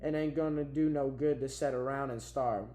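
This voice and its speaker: A man's voice: medium pitch, fairly even intonation, normal speed, mellow, natural voice. A man voicing a frustrated migrant camp worker, speaking in blunt rural dialect, recorded in an echoey room. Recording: roomy echo.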